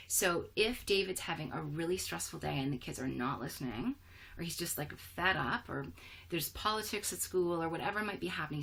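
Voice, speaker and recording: A woman presenting an online wellness workshop over a video call, affirming participants and reading their chat replies aloud with quick words of praise. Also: sits low, sharp tone, a little hiss or hum.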